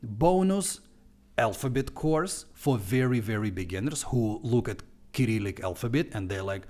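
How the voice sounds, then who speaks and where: Animated man with a heavy Russian accent. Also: medium pitch, moderate pace. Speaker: online language teacher. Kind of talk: live-stream course walkthrough.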